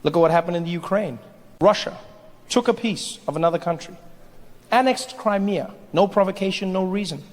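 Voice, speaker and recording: A man performing a stand-up comedy set, animated, conversational and playful. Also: high-pitched, brisk. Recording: hall reverb, faint noise.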